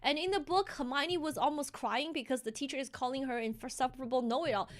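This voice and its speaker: Woman streamer, high voice, heated rant, animated, quick restarts. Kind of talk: casual live-stream rant.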